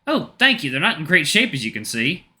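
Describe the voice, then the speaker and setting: A man's voice: on the high side, sing-song, fairly quick, bright, forceful tone, pitched above the performer's own voice, heavily acted. A man voicing a shy, modest male coyote.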